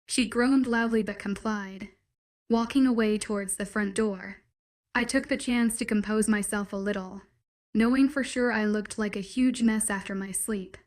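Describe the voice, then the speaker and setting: A woman narrating a first-person romance story in an even, steady storytelling manner. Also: medium pitch, normal speed.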